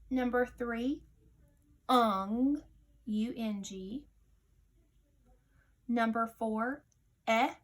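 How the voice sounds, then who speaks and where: A woman teacher leading a recorded phonics dictation lesson, sounding out each word slowly and deliberately. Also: a little high.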